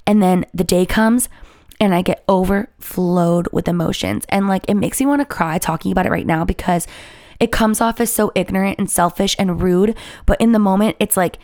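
In a candid, confessional way, a woman in her twenties tells her viewers a personal story as a YouTuber, rambling and full of "like" and restarts. Her voice is medium in pitch and darkish in tone, at a normal speed, with a dry, studio-quality recording.

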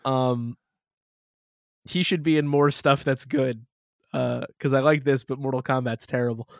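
Halting, rambling man reviewing a movie. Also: mid-range voice, fairly even intonation, vocal fry, no echo, clean studio sound. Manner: rambling, halting, swears, laughs often. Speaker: podcast co-host. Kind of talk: casual movie review chat.

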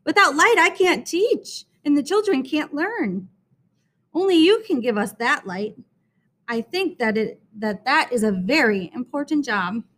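A woman reading aloud plays a strict, earnest schoolteacher in a storybook. She speaks in a high, very lively voice, slowly and insistently, as if laying down a rule. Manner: insistent, instructive.

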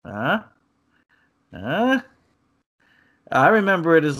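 A man's voice: mid-range voice, unhurried, long pauses, fairly bright tone. A man hosting a podcast in casual chat, joking and poking fun at himself. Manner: jokey and self-deprecating. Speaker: podcast host.

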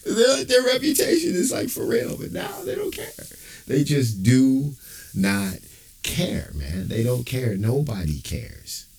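A man's voice: mid-range voice, measured pace. A male comedian doing a rambling, profane stand-up rant with frequent chuckles. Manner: animated, profane, rambling rants with laughs.

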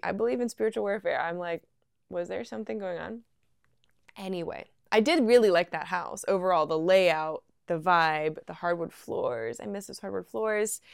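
A young woman tells her story in a chatty, animated way, laughing easily as she goes. Her voice is smooth and clear. The sound is dry and close, with no room echo. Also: mid-range voice. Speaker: podcast host. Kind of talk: casual storytelling. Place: at home.

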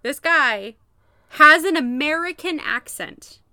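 A woman co-hosting a casual podcast, animated and laughing often, swearing freely as she recaps an old sitcom. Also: high-pitched, slow, dry recording, clean studio sound. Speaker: podcast co-host.

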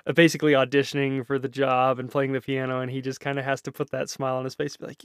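A man co-hosting a casual film podcast, weighing one film against another. His voice sits at a middling pitch and is recorded dry and close, with small chuckles between points. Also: little pitch movement, fast, few pauses, smooth, dry recording. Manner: analytical, chuckling asides. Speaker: podcast co-host.

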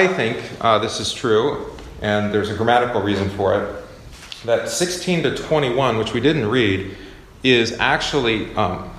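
Gravelly man teaching a Bible class. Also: fairly low pitch, a bit bright. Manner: conversational, self-correcting, asks the class questions. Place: classroom or church meeting room. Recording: echoey room with faint noise.

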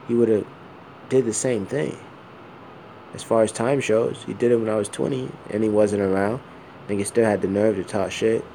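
A man's voice: lowish voice, mellow, slight background noise. Blunt, profane man in a candid monologue. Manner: blunt, profane, rambling with many fillers.

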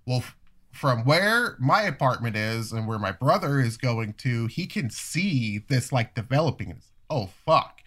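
A young man in a casual chat, telling a long story in a rambling, profane, animated way. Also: medium pitch, measured pace. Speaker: storyteller guest.

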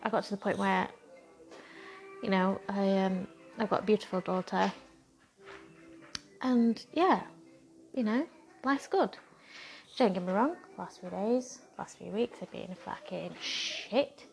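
Over soft background music, a content creator in her 30s delivers a casual, candid monologue, swearing a lot and sounding defiant and blunt. Her mid-range voice has a darkish tone and vocal fry, and she speaks slowly with frequent pauses.

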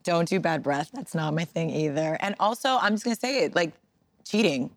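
A woman guest chatting in an interview, telling stories in a lively, animated way. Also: fairly low pitch, moderate pace, no room sound. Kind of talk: casual interview chat.

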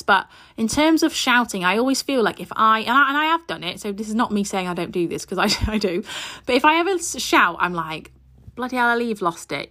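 A woman talks through a parenting podcast episode from home. Her tone is chatty and reassuring, and she lays out practical tips. Her voice sits at an ordinary middle pitch. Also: bright, forceful tone. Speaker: podcast host. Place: at her mother's house, indoors. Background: aeroplane overhead at times.

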